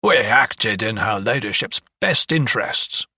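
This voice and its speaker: Man doing a sneering lawyer, ruthless and scheming, bright voice, dry sound. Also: lowish voice, expressive, unhurried, slightly rough, dry recording, far from the mic, heavily acted. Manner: sneering, sardonic.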